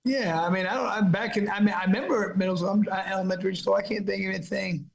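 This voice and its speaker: Chill guy on a podcast, high raspy voice, keeps restarting his sentences. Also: steady tone, quick pace, crowd noise. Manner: laid-back, stammering restarts. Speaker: fighter and guest. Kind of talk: casual podcast chat.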